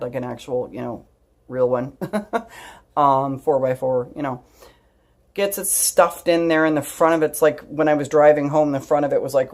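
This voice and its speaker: A woman's voice: low-pitched, a little mellow. A woman vlogger telling a personal story straight to camera in a candid, chatty way, swearing freely and laughing through tears. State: tearful.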